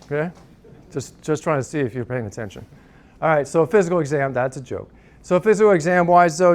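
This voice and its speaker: A man teaching a classroom lecture in a conversational way, often checking in with "right?" and "okay?" and making dry joking asides. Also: on the high side.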